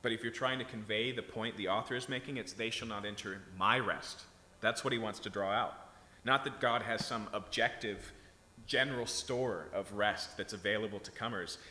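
A man with a fairly low, bright, forceful voice delivers a sermon at normal speed. He keeps it conversational, frequently checking in with the listeners, and the hall around him echoes.

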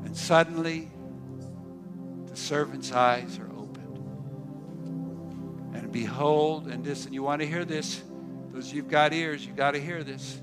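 A man's voice: a little slow, long pauses, music in the background. A man preaching a sermon as pastor, repeating phrases and swinging his voice up and down for emphasis. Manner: preaching with emphatic repetition and sudden pitch swings.

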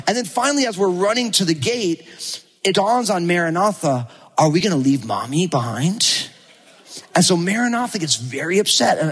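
A man who is a pastor, preaching a sermon and telling a personal story in a lively, animated way, acting out the lines of people in it. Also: a little high, husky, long reverb tail. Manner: animated storytelling, acts out quotes. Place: church.

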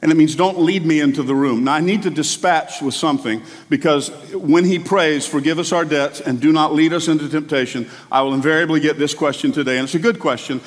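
A male pastor preaching a sermon with passion, his delivery swinging between quiet asides and loud climbs. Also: fairly high pitch, a little fast, few pauses, in a large hall.

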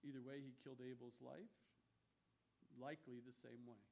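A man preaching a sermon in an animated, emphatic way, mixing casual slang into his teaching. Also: mid-range voice, moderate pace, gravelly.

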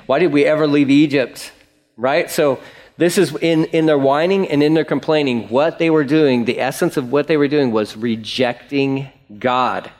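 A male pastor preaching a conversational sermon, acting out quotes and asides. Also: a little high.

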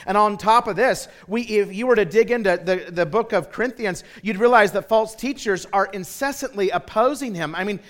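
High, bright-voiced male preacher. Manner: animated, repeats words in quick restarts. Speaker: pastor. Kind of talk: sermon with personal storytelling.

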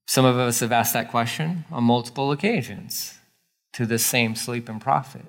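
A man in his forties preaching a sermon in a lively, conversational way, with sudden jumps in pitch and loudness. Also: fairly quick. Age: 40s. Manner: animated, conversational preaching with acted-out quotes. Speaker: pastor.

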